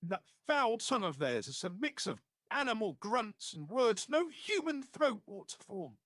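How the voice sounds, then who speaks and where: A man with a Scottish accent voicing a nervous male woodsman in a tabletop game, stammering and sinking into hushed tones. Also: high voice, big pitch swings, unhurried, dry recording, clean studio sound, heavily acted. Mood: uneasy. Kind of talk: in-character tabletop role-play.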